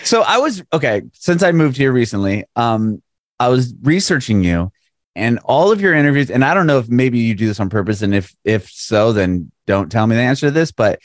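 A man's voice: mid-range voice, big pitch swings, fairly quick, no room sound. Friendly guy interviewer, laughs a lot, rambly questions, dry video call audio.

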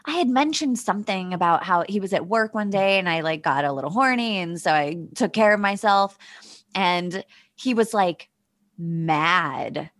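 A woman's voice: medium pitch, lively intonation, moderate pace, a bit bright, no room sound, studio quality. A woman co-hosting a podcast in casual comedic chat, candid and laughing often. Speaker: podcast co-host.

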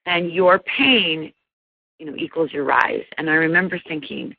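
Gravelly-voiced woman telling her story. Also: low-pitched, normal speed, phone-quality sound, slight background noise. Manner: earnest, animated, many restarts and fillers. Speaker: guest, life coach. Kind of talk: personal storytelling in an interview.

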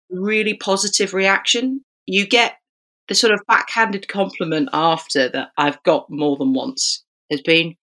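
Woman referee, podcast guest, bright forward tone, animated storyteller. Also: medium pitch, measured pace. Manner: chatty, animated storytelling with acted quotes. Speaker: football referee.

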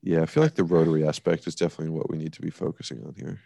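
A man's voice: rumbling low, flat delivery, rapid-fire, vocal fry, warm tone, no room sound. A man co-hosting a casual sports podcast, talking bluntly and emphatically, with swearing and dry sarcasm. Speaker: podcast co-host.

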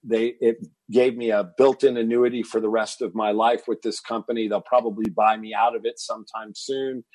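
A man in his fifties from Texas, telling a personal story as a guest in an interview, animated and getting louder as he relives the moment. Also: fairly low pitch, moderate pace, no echo, poor audio. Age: 50s. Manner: animated storyteller, rises to shouting when reliving anger. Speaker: fitness entrepreneur guest.

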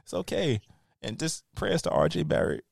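A man with a New York accent, co-hosting a podcast with animated, profane ranting in casual banter. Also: on the high side, moderate pace, creaky, dry recording, studio quality. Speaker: podcast co-host.

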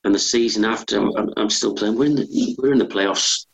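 A middle-aged former footballer, telling stories in a rambling, humble, self-correcting way during an interview. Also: male voice, on the low side, fairly quick, vocal fry, lo-fi sound. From England. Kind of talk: conversational interview storytelling.

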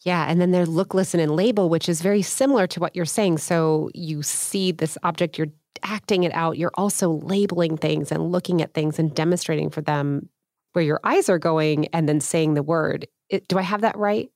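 A woman's voice: deep voice, moderate pace, a little mellow, no room sound, clean studio sound. A woman hosting a parenting chat, asking questions and summing up what her guests say. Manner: asks questions, sums up guests' points. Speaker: podcast host. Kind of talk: casual chat.

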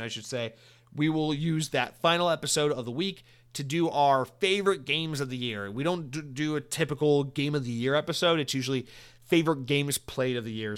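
A man's voice: mid-range voice, fairly bright tone, smooth. A man hosting a solo gaming podcast from his home office, rambling and sarcastic, swearing freely as he mock-rants at listeners. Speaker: podcast host. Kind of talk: solo podcast news and outro rant.

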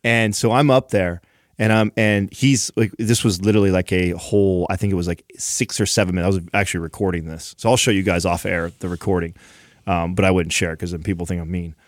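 A man's voice: deep voice, fairly even intonation, quick pace, dry recording, studio quality. A young man co-hosting a casual podcast, animatedly telling a story with many restarts and repeats. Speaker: podcast co-host.

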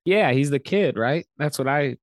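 A man's voice: a little high, lively intonation, normal speed, no room sound. A young man co-hosting a casual movie review chat, blunt and jokey with crude slang. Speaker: podcast co-host.

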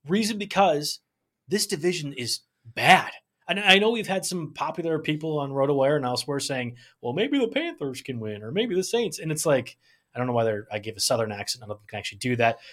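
A man's voice: on the high side, fast, a bit bright. A man co-hosting a sports betting podcast, blunt and opinionated in casual chat. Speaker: podcast co-host.

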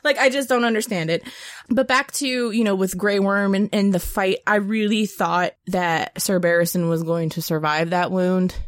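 A slightly tipsy woman co-hosting a casual chat podcast, animated, laughing and swearing freely. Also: medium pitch, normal speed, no echo. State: a little tipsy. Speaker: podcast co-host.

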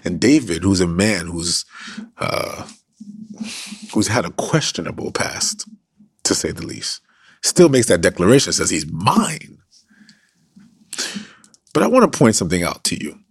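A man's voice: sits low, sing-song, normal speed, long pauses, breathy edge, no room sound, clean studio sound. A man preaching a sermon as pastor, earnest, sometimes dropping to a whisper for emphasis.

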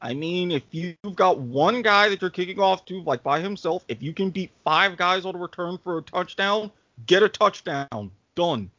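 A man co-hosting a casual sports podcast, explaining rules in a halting way with fillers, on dull, dry lo-fi audio. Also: sits high, expressive, pushed and bright, no room sound. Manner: halting, thinks aloud with fillers. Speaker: co-host.

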